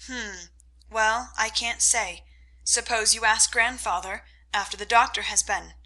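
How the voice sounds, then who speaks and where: A woman's voice: a little high, unhurried, bright, forceful tone, full character voice. A woman voicing a frank, tomboyish young sister.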